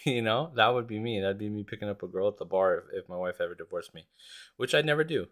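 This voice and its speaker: Deep, bright-toned man rambling casually. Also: brisk. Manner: profane, self-mocking, laughs often; rambling with restarts. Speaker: podcast host. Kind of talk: casual solo podcast chat.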